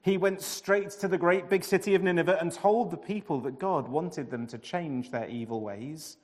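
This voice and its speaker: A man telling a storybook tale in a sing-song way, repeating phrases with dramatic pauses. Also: fairly high pitch, a little mellow, big-room sound. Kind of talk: expressive storybook narration.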